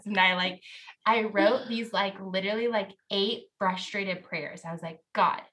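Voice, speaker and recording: A woman guest on a podcast, sharing a candid faith story in an earnest, animated way, full of "like" and quick laughs. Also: medium pitch. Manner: earnest and animated, heavy use of "like", laughs often.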